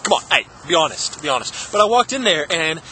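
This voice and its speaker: Young guy, high animated voice, hyper goofball vlogger riffing on silly tangents. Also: fairly quick, a little hiss or hum. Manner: giggles often. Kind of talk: comedic impression vlog.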